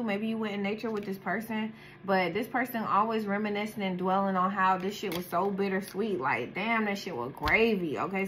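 With a medium-pitched, fairly bright voice, an adult mother reads tarot cards in a casual, blunt manner laced with slang and cursing. Slight background noise is audible.

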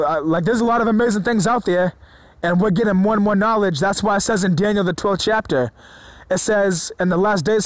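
A man preaching to his viewers in an excited, informal way, often stumbling over his words and swearing freely. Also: high-pitched, no room sound, low-quality recording. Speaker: religious video preacher. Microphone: phone or screen recorder mic.

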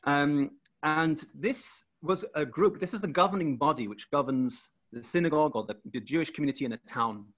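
A man's voice: on the high side, fairly quick, fairly bright tone. Methodical man explaining on a lo-fi call. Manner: methodical, explains step by step with frequent restarts. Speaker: scholar presenting research. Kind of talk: explaining over a video call with screen share.

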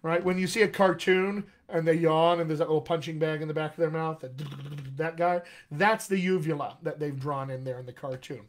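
A man's voice: on the high side, steady tone, fairly quick. A man teaching a live online lesson as a dialect coach, chatty and upbeat, with frequent check-ins to his viewers.

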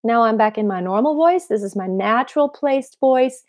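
A woman's voice: a little high, expressive, normal speed, darkish tone. A young adult woman, a singing teacher, explaining vocal technique in a live-stream lesson and answering viewers' questions, asking herself questions as she goes. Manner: explanatory, asks herself rhetorical questions, demonstrates voice placements. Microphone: computer mic on a live stream.

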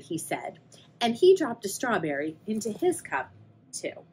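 A woman's voice: mid-range voice, big pitch swings, unhurried, a little hiss or hum, poor audio. A young adult woman, a children's librarian, reading a picture book aloud and asking the young listeners questions. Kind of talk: read-aloud storytime for kids.

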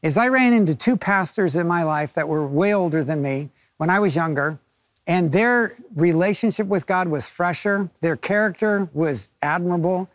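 A man's voice: sits high, moderate pace, no room sound, clean studio sound. A man pastor telling a story in a sermon, acting out the people in it and chuckling as he goes. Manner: lively storyteller who acts out quoted voices.

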